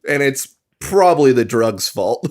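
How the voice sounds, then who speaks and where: A man's voice: mid-range voice, very animated, unhurried, darkish tone. A young man co-hosting a podcast, chatting casually and going off on jokey tangents. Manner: jokey tangents, laughs easily. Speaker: podcast co-host. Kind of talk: casual banter.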